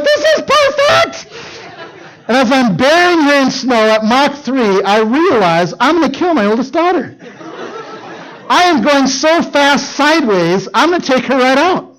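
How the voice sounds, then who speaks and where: A middle-aged man from northern Minnesota preaching to teens, telling personal stories in an animated way that swings from hushed to loud. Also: sits high, poor audio. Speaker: youth speaker. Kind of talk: storytelling sermon.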